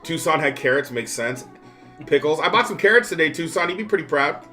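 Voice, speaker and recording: A man with a bright, forceful voice chats casually on a livestream. He rambles and laughs at himself, restarting his sentences often. Faint music plays behind him. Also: fairly high pitch, lively intonation, fairly quick. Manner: rambling storyteller, self-mocking, many restarts. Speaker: livestream co-host. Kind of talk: casual chat.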